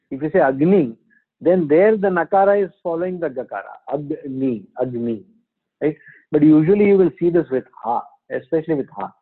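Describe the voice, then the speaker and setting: A man teaching a Sanskrit class on a video call, patiently sounding out letters and quizzing his students. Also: fairly high pitch. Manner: patient, repeats sounds slowly, asks students questions. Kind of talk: online class, explaining pronunciation. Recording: phone-like narrow band.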